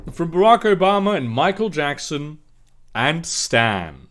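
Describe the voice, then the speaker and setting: A man's voice: on the high side, very animated, a little slow, fairly bright tone. A man doing a mocking comedic reading of fan fiction, breaking off for sarcastic, incredulous asides. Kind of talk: mocking dramatic reading with commentary.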